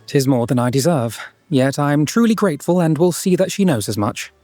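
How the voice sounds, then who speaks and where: A man's voice: a little high, lively intonation, brisk, warm tone, soft background music, lightly acted. A man voicing an earnest, devoted husband with formal, old-fashioned phrasing while reading game dialogue aloud.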